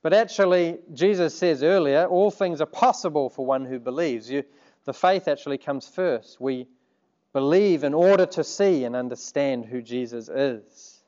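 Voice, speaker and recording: A man's voice: a little high, moderate pace, mellow, lo-fi sound. A man preaching a sermon, earnest and conversational, turning to the congregation with asides. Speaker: pastor.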